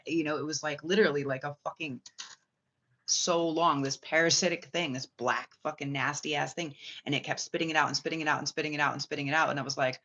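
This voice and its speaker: A spiritual reader telling a long personal story in a rambling, excitable way, swearing often and full of filler words. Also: mid-range voice, fast talker, slight background noise. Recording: slightly muffled lo-fi audio.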